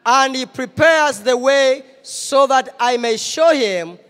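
High-voiced man preaching in a church hall. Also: takes it slowly. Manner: preaching with call-and-response, rising to shouts. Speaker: pastor. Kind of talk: sermon, English and Luganda.

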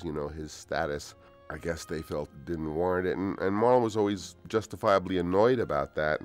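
Man, sixties, very deep low voice, relaxed rambling storyteller, soft asides, commentary track. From United States. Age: 60s. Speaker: film director. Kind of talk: DVD audio commentary, anecdotal storytelling.

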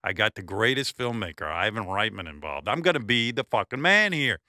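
A man's voice: on the low side, big pitch swings, a little fast, bright, forceful tone, dry recording, clean studio sound. A man hosting a radio show, telling a blunt, profane story with lots of asides. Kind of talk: casual storytelling tribute.

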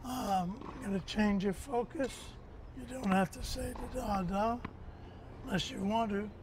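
A man with a high-pitched voice coaches a tennis student outdoors. He talks calmly and encouragingly, with gentle teasing. Faint background hiss sits under his words. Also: measured pace. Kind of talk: on-court instruction.

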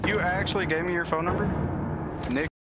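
A young man streaming a game in casual chat, excitable, laughing often and swearing. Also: sits high, brisk. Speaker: gaming streamer. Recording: very loud background noise.

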